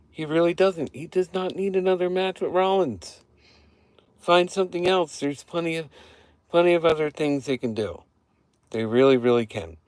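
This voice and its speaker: A man giving an excited, profane recap on a casual live stream, repeating himself as he talks into a handheld phone. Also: medium pitch, no room sound. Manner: excited, profane fan rambling with repeated phrases. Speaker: wrestling show reviewer. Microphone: phone held in hand.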